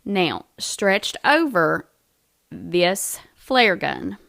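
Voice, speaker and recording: A woman's voice: fairly low pitch, very animated, drawn-out words, gravelly, a bit bright. A woman co-hosting a true crime podcast, reading her notes aloud and often breaking into laughter. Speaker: podcast co-host.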